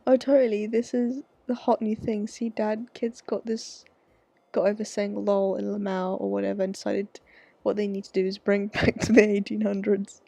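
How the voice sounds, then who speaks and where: Woman doing a sarcastic teen daughter, breezy and flippant, dark gravelly tone, dry room. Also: medium pitch, level tone, moderate pace, dry recording.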